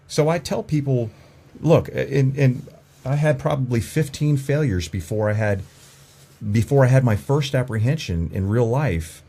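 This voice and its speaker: A man's voice: mid-range voice, moderate pace, creaky, mellow. A man who trains police dogs, a podcast guest telling frank stories with stammering restarts and some swearing. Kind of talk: casual podcast conversation.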